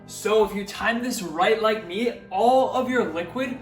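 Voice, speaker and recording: A man with a fairly high voice chats playfully through a home cooking vlog and jokes with his viewers. He sounds a little far from the mic in a roomy, echoing kitchen, with faint music underneath. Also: unhurried. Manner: chatty, playful, jokey asides to viewers. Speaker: cooking vlogger.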